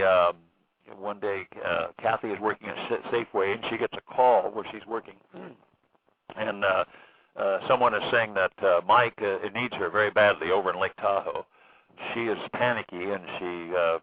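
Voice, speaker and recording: A man speaking as an author guest in a phone interview, halting, with many fillers and restarts. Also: deep voice, dry recording. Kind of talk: phone interview recounting a case. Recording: tinny phone line.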